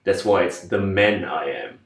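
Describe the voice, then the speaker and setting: Low voiced guy talking thru his songwriting, a bit far from the mic in an echoey room. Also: moderate pace. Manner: explains his writing plainly, laughs along. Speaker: songwriter being interviewed. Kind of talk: casual interview.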